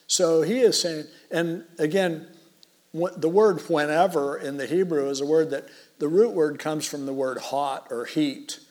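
A middle-aged man preaching a sermon in a relaxed, conversational, storytelling way. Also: on the high side, unhurried. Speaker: pastor.

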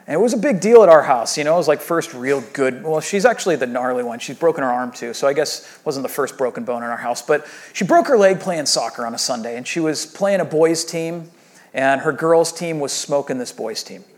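A man in his thirties, a pastor, preaching a sermon in a conversational storytelling way that swings from lively to hushed. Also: on the high side, fairly quick.

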